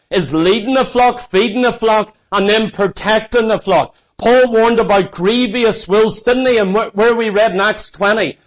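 Male pastor, very high pitched, impassioned sermon delivery with insistent repetition. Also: rough recording.

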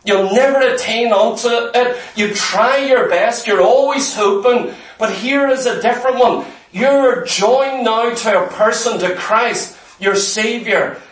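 A man preaching a sermon earnestly, sometimes dropping to a hushed, tender voice. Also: very high voice, unhurried, roomy sound, distant mic, low-quality recording.

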